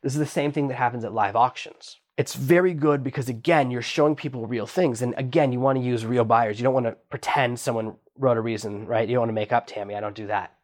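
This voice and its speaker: A man's voice: mid-range voice, fast talker, hardly any pauses. A man teaching online sales in a chatty monologue, acting out quoted lines in a raised voice. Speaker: online business instructor.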